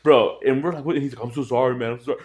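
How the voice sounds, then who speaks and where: A man's voice: medium pitch, steady tone, racing, darkish tone. A young man co-hosting a podcast, telling a story in casual chat and acting out his friends' voices. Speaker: podcast co-host.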